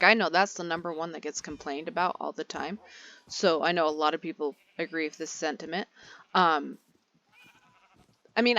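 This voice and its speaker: A woman's voice: lowish voice, fairly bright tone. A young woman giving casual gameplay commentary, chatty and rambling, easily sidetracked. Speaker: gaming video creator.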